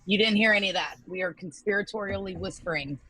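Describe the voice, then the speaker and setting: A woman's voice: mid-range voice, fast, sharp tone, husky, low-quality recording. A woman player in a tabletop game, blunt and teasing.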